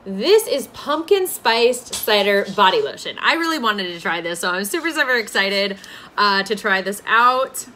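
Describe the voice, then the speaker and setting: A woman talks through a casual unboxing review at home, gushing over every product. Her voice is bright and forceful at a middling pitch. A faint noise sits under the recording. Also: very animated, normal speed. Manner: gushing, enthusiastic. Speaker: beauty vlogger and podcast host.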